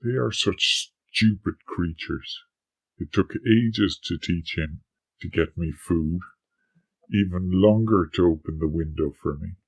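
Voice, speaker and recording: A man voicing a haughty male house cat who scorns humans, in a husky, sneering, contemptuous tone. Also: deep voice, takes it slowly, voice pushed down, full character voice. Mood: scornful. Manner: sneering, contemptuous inner monologue.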